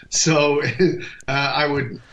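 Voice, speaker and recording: A man in his fifties from England, a leadership speaker telling stories in an interview and acting out quoted dialogue. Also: on the high side. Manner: lively, acts out quoted dialogue, quick asides. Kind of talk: storytelling interview talk. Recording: dull lo-fi podcast recording.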